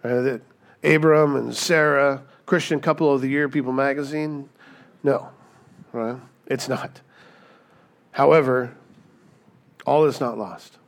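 A man preaching a sermon in a lively, conversational way, acting out the people he quotes and often asking "right?". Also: medium pitch. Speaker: pastor.

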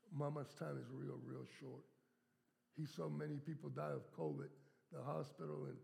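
A heavily gravelly, somewhat high-pitched older man in his seventies delivers a storytelling sermon, drawing out key words for emphasis. His voice rings with long reverb in a church sanctuary. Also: warm tone. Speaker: guest preacher.

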